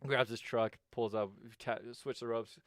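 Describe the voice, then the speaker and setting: A young man in his twenties, a podcast co-host, telling a story in a casual, animated way with laughs and swearing. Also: medium pitch, measured pace, a little hiss or hum.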